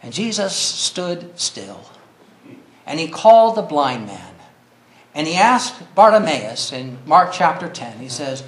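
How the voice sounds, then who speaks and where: A man's voice: on the high side, very animated, measured pace, fairly bright tone, roomy sound. A man preaching a sermon earnestly, reading scripture and rising to cries when he quotes.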